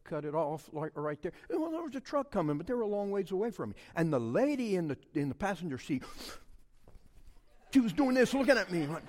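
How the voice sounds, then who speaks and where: With a high, sing-song, somewhat dark voice that moves a little fast, a middle-aged pastor preaches a humorous storytelling sermon in a church sanctuary. He acts out his own story with mock quotes and sounds, and long hall reverb fills the recording.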